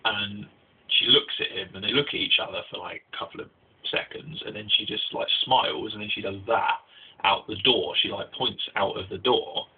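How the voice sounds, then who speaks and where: A man's voice: on the low side, steady tone, normal speed, slightly rough. A young man giving a casual spoken anime review, rambling with restarts and fillers, recorded on tinny phone-like audio.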